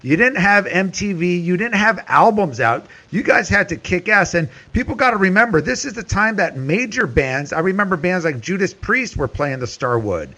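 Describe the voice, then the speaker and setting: A man's voice: high-pitched, lively intonation, moderate pace, few pauses, sharp tone. A male podcast host interviewing guests in an enthusiastic, casual way.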